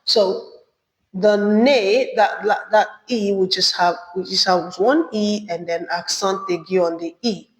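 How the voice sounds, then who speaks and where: A woman teaching a beginner French lesson, saying each phrase slowly and then repeating it. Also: medium pitch, steady tone. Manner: slow, careful repetition of phrases. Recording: echoey room with long reverb.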